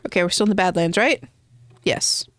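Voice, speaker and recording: A woman's voice: lowish voice, a little fast, no room sound. A woman streaming a game from home, chatting casually and rambling as she answers her chat.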